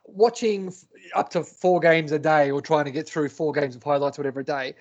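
Aussie guy with a high voice, banter and mock outrage, podcast audio a bit dull. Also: brisk. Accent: Australian. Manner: joking, mock-indignant banter. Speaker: podcast co-host. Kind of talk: casual sports chat.

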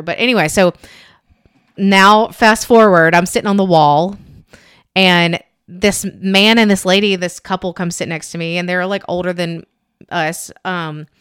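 Lady chatting on a podcast, kinda low voice, says like a lot, rambles through stories. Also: fairly bright tone, clean tone, dry recording, studio quality. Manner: rambling, chatty, heavy use of "like", acts out quotes. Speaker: podcast co-host. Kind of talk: casual chat, storytelling.

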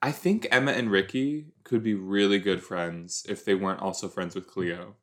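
A man's voice: lowish voice, lively intonation, moderate pace, few pauses, fairly bright tone. A young man hosting a podcast, giving casual running commentary as he watches an episode. He rambles with fillers and pokes fun at himself. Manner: chatty, self-deprecating, rambling with fillers. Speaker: podcast host.

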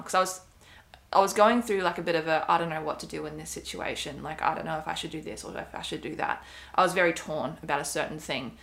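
Young woman, chatty storyteller, fairly low voice, rambling with fillers. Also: fairly even intonation, fast talker, creaky, fairly bright tone. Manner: chatty, rambling, many fillers and quoted asides. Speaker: podcast co-host. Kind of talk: casual storytelling chat.

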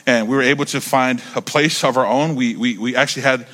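A man in his thirties preaching, telling a story in an animated, conversational way, repeating words as he builds up. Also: mid-range voice, brisk. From United States. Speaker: pastor. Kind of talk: sermon storytelling.

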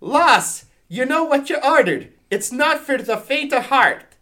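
A man voicing a young Scottish man in his twenties at a pub, with a put-on Scottish accent and loud, exclaiming lines. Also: very high voice, animated, a little slow, pitched above the performer's own voice, exaggerated voice. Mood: warning. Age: 20s.

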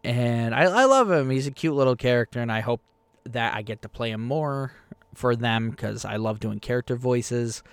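Excitable young man hosting his game podcast. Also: mid-range voice, normal speed, smooth, no room sound. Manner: rambling, excitable, self-deprecating. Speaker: podcast host and game master. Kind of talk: casual podcast chat.

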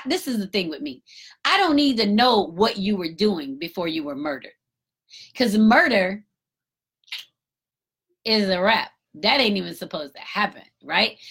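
Husky, gravelly-voiced woman, emphatic. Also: mid-range voice. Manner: emphatic, animated storytelling with acted-out quotes. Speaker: parent. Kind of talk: casual commentary monologue.

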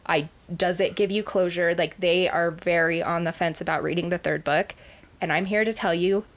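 A woman's voice: lowish voice, fairly even intonation, normal speed. Blunt woman podcast co-host. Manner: blunt, crude jokes. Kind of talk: casual book chat.

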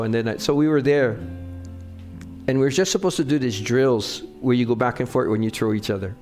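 A man's voice: medium pitch, brisk, darkish tone. Male pastor, middle-aged, mid-range voice, chatty sermon delivery over faint guitar. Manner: conversational, often checks in with the congregation. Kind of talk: sermon with personal storytelling.

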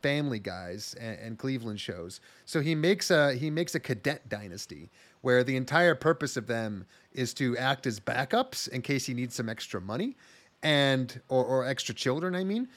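A man's voice: medium pitch, lively intonation, normal speed, a bit bright. A man co-hosting a podcast in casual chat, joking and riffing on an anime episode. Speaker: podcast co-host.

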